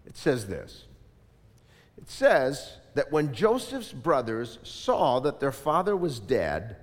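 A man preaching a sermon in an animated style, asking the congregation to repeat lines after him. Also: mid-range voice, slow pace, big-room sound. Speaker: pastor.

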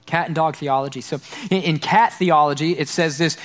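Man, pastor, sermon, high voice, earnest, repeats phrases, stumbles on words. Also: steady tone, normal speed, hardly any pauses, a bit bright.

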